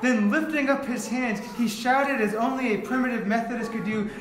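Earnest preacher with a high voice. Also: male voice, normal speed, few pauses, a little hiss or hum. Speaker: pastor. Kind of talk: sermon. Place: church sanctuary. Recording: echoey room.

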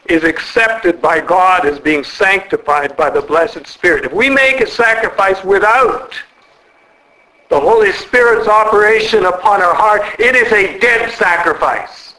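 A man preaching an earnest sermon in a church, slowing and dropping his voice to stress key words. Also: sits high, pushed and bright, low-quality recording. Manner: earnest, slows and drops for emphasis.

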